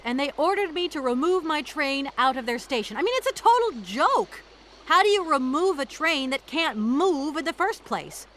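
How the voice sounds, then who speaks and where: A woman's voice: high-pitched, fairly bright tone, slight background noise. An actress playing a polite woman lawyer with dry wit in a game. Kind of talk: game voice acting.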